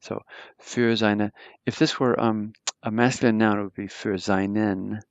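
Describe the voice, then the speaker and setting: A man's voice: lowish voice, fairly even intonation, measured pace, creaky, dry recording, dull audio. A man teaching a German grammar lesson, explaining patiently with lots of fillers and restarts. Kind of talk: live online grammar lesson.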